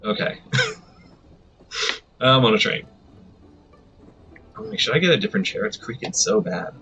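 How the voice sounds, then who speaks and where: A man's voice: mid-range voice, lively intonation, unhurried, creaky, sharp tone, faint music behind. A man live-streaming a video game, chatting casually and rambling to himself with self-deprecating remarks.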